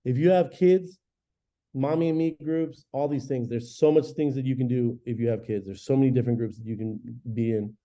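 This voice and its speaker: A man in his forties, a real estate agent teaching a class in an energetic, chatty way, often acting out phone calls. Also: medium pitch, a little fast. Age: 40s. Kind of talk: live training class talk. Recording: dull lo-fi recording.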